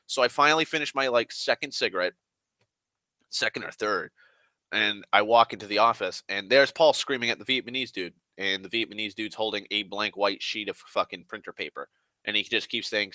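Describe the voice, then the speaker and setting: A man's voice: lowish voice, a little fast, pushed and bright, no room sound. A young man telling a long profane story in an exasperated rant, often slipping into other people's voices.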